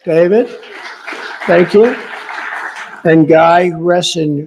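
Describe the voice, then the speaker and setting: A man speaking at an indoor reception in a gravel-edged voice pitched a little above the usual male range. He rambles off script, calling out to guests and teasing them between prepared lines. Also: steady tone, normal speed, muffled recording, noisy background. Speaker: host of a reception, giving a speech. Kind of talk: off-the-cuff speech. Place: large reception room, indoors.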